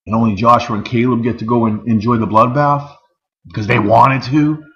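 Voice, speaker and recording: A man's voice: medium pitch, steady tone, brisk, a bit bright, lo-fi sound. A man in an angry, profane rant, firing off rhetorical questions. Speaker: vlogger.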